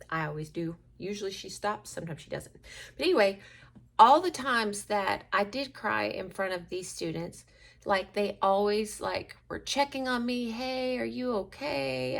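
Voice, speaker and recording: A woman's voice: medium pitch, gravelly. A woman teacher chatting at home while getting ready, rambling and self-deprecating with occasional laughs. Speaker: schoolteacher. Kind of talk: casual get-ready-with-me chat.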